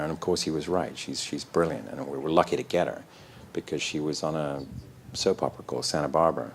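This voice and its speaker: A man, a guest in an interview, telling animated, self-deprecating stories and acting out the voices. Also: a bass voice, brisk, gravelly, hardly any pauses, a little hiss or hum. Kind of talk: anecdotal storytelling in an interview.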